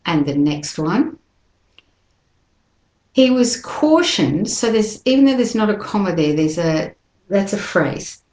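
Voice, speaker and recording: A woman teaching an English pronunciation lesson, slowly modelling words and sentences for listeners to repeat. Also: lowish voice, mellow. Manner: slow, careful modelling of words for repetition. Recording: echoey room.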